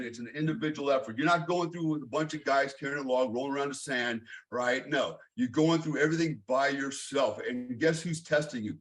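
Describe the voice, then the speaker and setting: Blunt, plain-spoken middle-aged man. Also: medium pitch. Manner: blunt, swears freely, lots of fillers. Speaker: guest. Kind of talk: casual storytelling interview.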